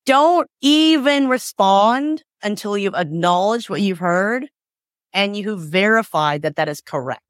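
A woman's voice: mid-range voice, lively intonation, a little slow, dry recording, clean studio sound. A woman divorce mediator in a conversational interview, explaining with acted-out examples and lots of "like" and "right?".

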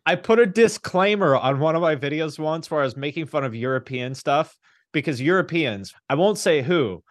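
Podcast host guy, laid back, dry deadpan humor, bit of a higher voice, dry mic. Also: normal speed, dry recording. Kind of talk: casual podcast chat.

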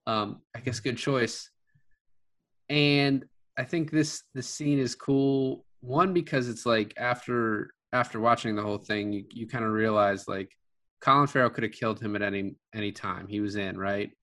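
A man's voice: medium pitch, fairly even intonation, normal speed, fairly bright tone. A man casually reviewing a film with a co-host, rambling with many fillers and restarts. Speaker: podcast co-host. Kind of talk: casual movie review chat.

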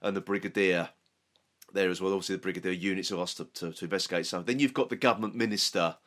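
A man's voice: deep voice, fairly even intonation, rapid-fire, fairly bright tone. Rambling male podcast host. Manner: rambling, hedging with restarts and "sort of". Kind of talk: casual chat.

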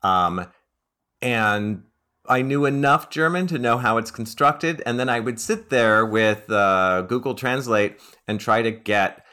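A man's voice: mid-range voice, unhurried, sharp tone, clear, resonant tone. A middle-aged man, an author, answering interview questions with wry, self-deprecating humor. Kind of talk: conversational interview.

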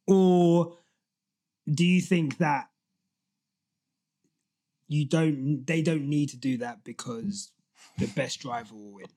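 A man co-hosting a sports podcast in casual chat, animated, laughing often and restarting his sentences. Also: fairly high pitch, takes it slowly, long pauses. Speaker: podcast co-host.

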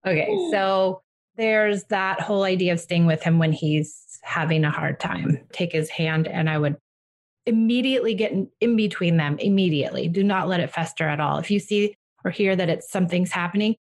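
A parenting coach and podcast host with a low voice talks at a moderate pace in a casual advice chat. Her coaching is warm and reassuring, and she acts out gentle phrases one might say to a child.

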